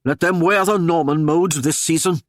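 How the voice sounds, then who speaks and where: A man's voice: fairly high pitch, normal speed, dry recording, clean studio sound, close to an everyday voice. A man voicing a stern, commanding Norman warlord who speaks in harsh, old-fashioned phrases. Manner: harsh, commanding, archaic speech.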